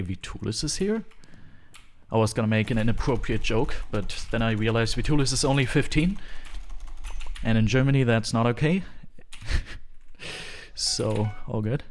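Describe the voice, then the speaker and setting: A man talks his way through a live game stream from a room at home, rambling and joking with his chat. His voice sits on the lower side and he chuckles often. A faint background noise runs under a desk microphone. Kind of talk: live gaming stream chatter.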